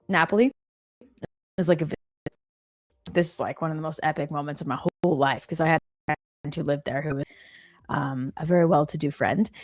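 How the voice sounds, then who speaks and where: A low-voiced woman runs a live stream from an office. She keeps things casual, reading out comments from viewers and responding with fast, lively exclamations.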